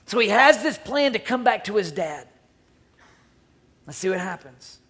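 A man preaching a sermon, swinging between loud urging and hushed near-whispers, often repeating words as he restarts phrases. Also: high-pitched, big pitch swings, unhurried, husky. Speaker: pastor.

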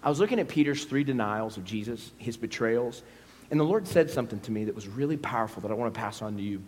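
A man's voice: mid-range voice, quick pace, a little hiss or hum. A man, a pastor preaching a storytelling sermon and acting out scenes in character voices. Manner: animated, acts out scenes in voices. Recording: long hall reverb.

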